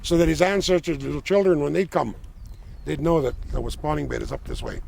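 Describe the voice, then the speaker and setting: An older man from the Lummi Nation, a tribal elder telling an oral legend outdoors by the shore in an unhurried, plain-spoken way. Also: a little high, gravelly, a little mellow, slight background noise. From Lummi Nation, Pacific Northwest.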